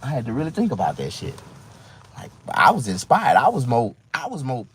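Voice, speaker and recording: A comedian man talking casually to his viewers, telling rambling, profane stories that swing between loud outbursts and low asides. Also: wildly swooping pitch, fairly quick, slightly rough, dry recording. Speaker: stand-up comedian. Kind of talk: casual monologue to camera.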